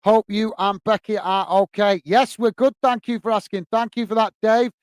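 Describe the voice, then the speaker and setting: A man's voice: high voice, fairly even intonation, normal speed, no echo. A man hosting a football fan live stream, upbeat and full of repeated thanks as he reads out viewer comments. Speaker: host of a football fan channel.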